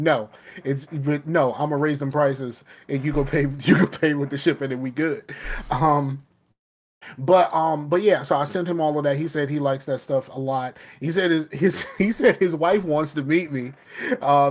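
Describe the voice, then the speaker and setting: A man hosts a podcast in easy, rambling talk. His voice sits a little high for a man, and he laughs often and trails off into restarts. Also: fairly even intonation, normal speed. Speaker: podcast host. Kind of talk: casual chat.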